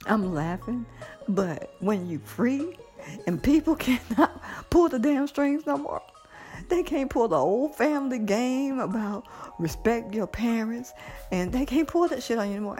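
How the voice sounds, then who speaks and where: Giddy middle-aged woman, animated and swearing. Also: a little high, normal speed, faint music behind. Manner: giddy, animated, swearing freely, frequent laughter. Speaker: vlogger. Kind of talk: casual spiritual monologue.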